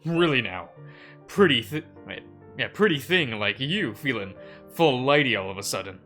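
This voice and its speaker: A man's voice: mid-range voice, expressive, moderate pace, sharp tone, soft background music. A man reading a cocky young gambler.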